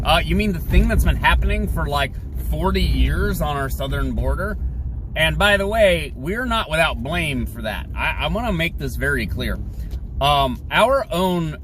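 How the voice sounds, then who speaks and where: A male podcast host giving sarcastic, opinionated solo commentary while he drives, mocking others in shrill put-on voices. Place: in a car. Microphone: phone or camera mounted in the car. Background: faint car and road noise.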